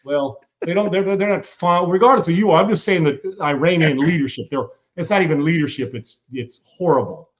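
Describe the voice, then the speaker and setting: A man hosting a sports talk show, telling stories in a lively, laughing way. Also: a little high, brisk, hardly any pauses, lo-fi sound. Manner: animated storyteller, laughs a lot. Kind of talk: casual sports talk chat.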